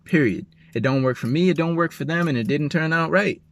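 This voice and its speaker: A man's voice: on the high side, fairly quick. Emotional young man telling a story. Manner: emotional, animated, slangy and informal. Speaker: vlogger telling a personal story. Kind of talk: casual storytelling.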